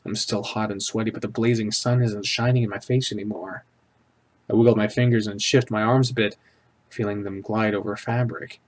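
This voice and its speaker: A man's voice: fairly low pitch, fairly even intonation, normal speed. A man reading a horror visual novel aloud in the first person, acting it out and blurting out startled reactions. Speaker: let's play host.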